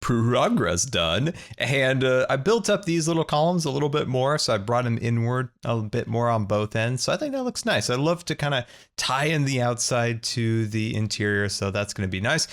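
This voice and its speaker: A man in his thirties hosting a video game let's play, talking through his building and his pranks in a playful, animated way. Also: medium pitch, normal speed. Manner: animated, playful, narrates his own moves. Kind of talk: gameplay commentary.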